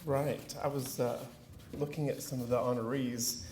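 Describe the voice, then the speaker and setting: A man's voice: mid-range voice, fairly even intonation, normal speed, a little mellow. A middle-aged man with a rural Texas accent giving a keynote speech, folksy and self-deprecating, with lots of fillers and restarts. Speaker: keynote speaker. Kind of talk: keynote speech with audience banter. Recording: echoey hall with faint noise.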